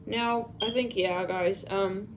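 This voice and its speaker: A woman's voice: mid-range voice, steady tone, slow, noisy background. A woman doing a live psychic reading, musing aloud, spelling out letters and names, with sighs and fillers. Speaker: psychic reader.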